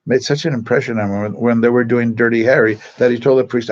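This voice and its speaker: A man's voice: medium pitch, fairly even intonation, fast talker, dull audio. A man, a Catholic priest, telling stories to a parish group in a chatty, digressive way with many asides, speaking in a church. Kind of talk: casual storytelling talk to a parish group.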